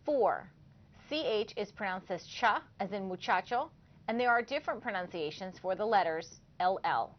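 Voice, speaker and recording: A woman's voice: medium pitch, animated, moderate pace. Woman teaching a language lesson, dull audio. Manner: clear, careful teacherly delivery.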